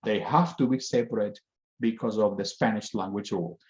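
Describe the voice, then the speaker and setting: A man teaching a language lesson, explaining step by step with slow, careful pauses. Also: lowish voice, darkish tone. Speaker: Spanish teacher. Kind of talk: lecture. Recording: echoey room, dull lo-fi sound.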